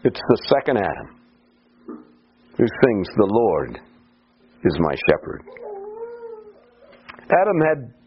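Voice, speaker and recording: Slow, expressive preacher on dull radio audio. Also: male voice, fairly low pitch. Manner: slow, deliberate preaching, rising to pleading cries on quoted psalms. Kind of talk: sermon.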